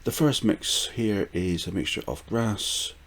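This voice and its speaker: In a low, expressive voice that runs a little slow, an older man from the UK chats through his gardening vlog. The talk is loose and rambling, dotted with fillers, restarts and small chuckles.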